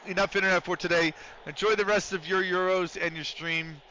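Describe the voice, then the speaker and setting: Male streamer, bright, sharp voice, casual and profane, chat-reading and commentary, dull mic. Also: high-pitched, fairly even intonation, brisk, hardly any pauses, slight background noise. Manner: swears freely, chats with viewers between play-by-play calls.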